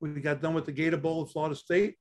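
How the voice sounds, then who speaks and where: A man's voice: fairly high pitch, flat delivery, quick pace, darkish tone. Chatty older New York man. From Staten Island, New York. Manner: chatty, repeats words while telling stories. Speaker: interview guest, athletic trainer. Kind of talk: casual storytelling interview.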